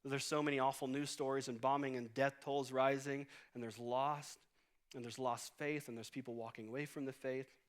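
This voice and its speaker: A man's voice: mid-range voice, flat delivery, normal speed. A man in his late thirties delivers a sermon as pastor from a church stage. He talks in a conversational, storytelling way and works humor into it. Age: 30s.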